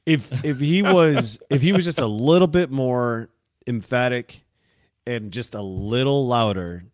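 A man's voice: mid-range voice, a little slow, darkish tone, no room sound, clean studio sound. A man co-hosting a casual chat, talking emphatically and swearing. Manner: profane, emphatic. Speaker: podcast co-host.

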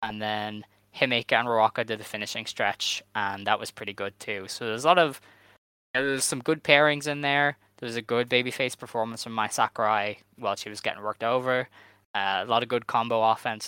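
A man hosting a podcast, recapping in relaxed casual chat. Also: lowish voice, fairly quick, clear, resonant tone, no echo. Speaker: podcast host.

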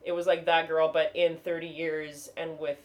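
Low-voiced, jokey woman comic. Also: level tone, normal speed. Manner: profane, jokey, acts out quotes in put-on voices. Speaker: stand-up comic, podcast guest. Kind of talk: casual chat.

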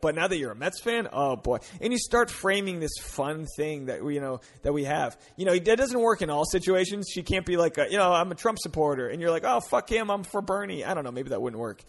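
Animated, profane podcast host. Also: male voice, on the high side, fairly quick, few pauses. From Rhode Island. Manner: profane, animated, acts out bar pickup lines. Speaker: podcast host and stand-up comedian. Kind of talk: solo podcast monologue.

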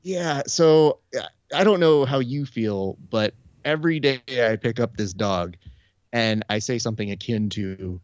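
A young adult man telling a story in casual chat, animated, acting out quoted lines with shifts in pitch. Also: unhurried, no room sound, muffled recording. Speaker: podcast host. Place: Burbank area.

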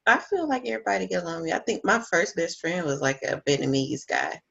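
A man with a Southern accent from the Texas coast, talking in a casual, easygoing way. His voice is gravelly and husky, with plenty of fry. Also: sits high, big pitch swings, quick pace, fairly bright tone, highs cut off. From Galveston, Texas. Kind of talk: casual chat.

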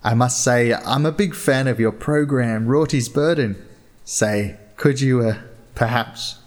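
A man's voice: mid-range voice, unhurried, lightly acted. A man voicing a timid, eager male townsman who speaks politely.

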